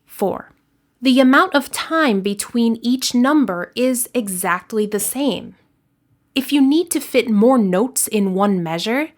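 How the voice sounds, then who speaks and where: A woman with an American accent, an English teacher giving a scripted lesson with clear, deliberate explanations. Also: a little high.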